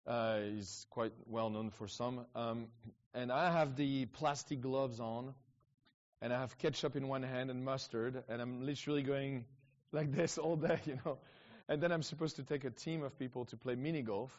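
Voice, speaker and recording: Here a middle-aged man, invited as an evangelist guest, rambles through animated stories, often restarting and slipping in brief asides. His voice has a middle male pitch, his native tongue is French, and the sound is slightly dull and muffled.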